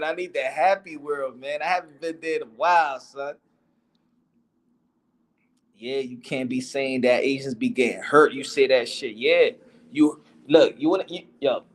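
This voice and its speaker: A man talking in a slightly high voice as a podcast host. His talk is loose, slangy and casual. He sounds like someone chatting among friends about fights. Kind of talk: casual chat.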